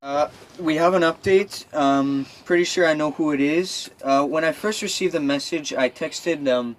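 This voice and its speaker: A man's voice: fairly high pitch, normal speed, poor audio. A young man from Quebec vlogging from a camper at night, telling a story nervously with lots of fillers and restarts. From Quebec, Canada. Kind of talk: casual vlog storytelling. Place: outdoors.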